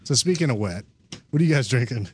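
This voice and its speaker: A man hosting a casual podcast chat, telling stories in an animated way and laughing often. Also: medium pitch, fast, noisy background. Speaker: podcast host.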